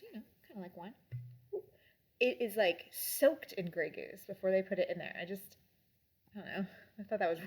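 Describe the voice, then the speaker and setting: A woman's voice: mid-range voice, a bit bright. A young adult woman in casual chat, reviewing drinks and books in a rambling way with lots of fillers.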